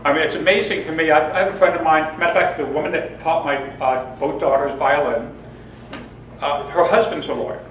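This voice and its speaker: In a humorous seminar, a male presenter tells jokes and stories to the audience and laughs often. His fairly high, fairly bright voice has fairly even intonation and a fairly quick pace. An echoey room and distant mic add slight background noise.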